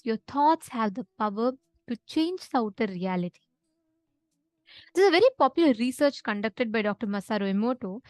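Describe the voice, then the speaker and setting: Woman instructor, higher voice, dry close sound, patient explainer who checks in with listeners. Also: no echo. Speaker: spiritual session instructor. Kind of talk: live online teaching session.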